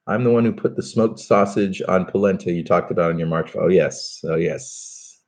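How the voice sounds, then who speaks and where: A man's voice: low-pitched, moderate pace, darkish tone. A man hosting a live stream, chatting casually and reading out viewer comments, with plenty of fillers and restarts. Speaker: podcast host doing a live stream.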